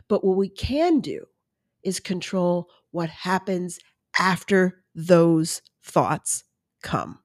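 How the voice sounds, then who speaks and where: A woman's voice: medium pitch, darkish tone, no room sound. Chatty woman podcaster, close and dry. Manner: chatty, self-deprecating, acts out her own inner voice. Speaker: podcast host. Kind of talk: casual solo podcast talk.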